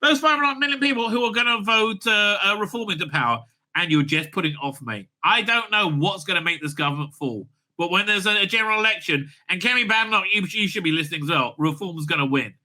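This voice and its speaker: A man delivers furious reaction commentary to the clips he is watching, swearing freely and mocking what he hears. His voice sits high for a man and cuts with a very bright, sharp edge. He stammers through fillers and restarts as the rant builds. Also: animated, quick pace. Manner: profane, sneering ranting with many fillers. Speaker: channel host reacting to clips.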